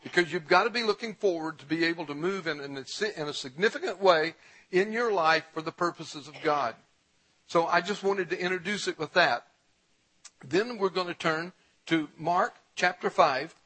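Speaking at a moderate pace in a high, husky voice, this male pastor reads scripture and speaks directly to his congregation, his voice climbing into a shout as he exhorts them. The recording quality is low.

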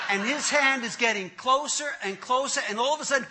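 High bright-voiced guy telling a funny testimony, swoops all over. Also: a little fast, hardly any pauses. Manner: animated, laughing through the story. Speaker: entertainer giving testimony. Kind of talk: comic storytelling testimony.

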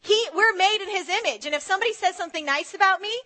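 A woman preacher giving an animated sermon who acts out the voices of the people she quotes. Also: extremely high pitch, fast.

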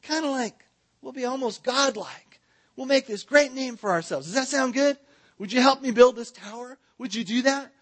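A man's voice: extremely high pitch, moderate pace, fairly bright tone, slightly rough, pitched above the performer's own voice, heavily acted. A man voicing an eager ancient city builder who chummily talks his neighbors into building a great tower. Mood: persuasive.

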